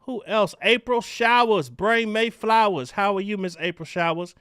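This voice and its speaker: Man, livestream host, casual chat, loud and lively, smooth clear voice. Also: sits high, normal speed, no room sound, clean studio sound. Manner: loud, animated, greets chat viewers.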